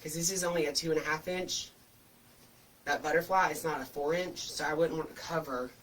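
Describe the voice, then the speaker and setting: A man's voice: on the high side, fairly even intonation, fairly quick, fairly bright tone, distant mic, low-quality recording. A man hosts a casual craft tutorial, chatty and folksy, full of homespun comparisons. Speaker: wreath-making host.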